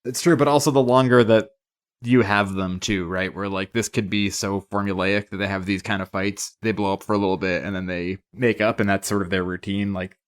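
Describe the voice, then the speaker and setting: A low-voiced man talks in casual podcast chat. He is lively and joking, drops a curse now and then, and gets excited about old memories. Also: a little fast. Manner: animated, swears, jokes, bursts of enthusiasm. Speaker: podcast co-host.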